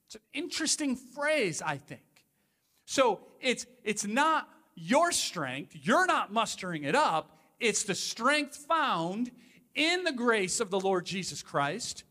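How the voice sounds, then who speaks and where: A man preaches with a high, forceful voice, talking to his congregation as if in conversation and pressing his points with emphatic asides. His words ring out with a long reverb, as in a big church hall. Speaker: pastor. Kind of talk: sermon.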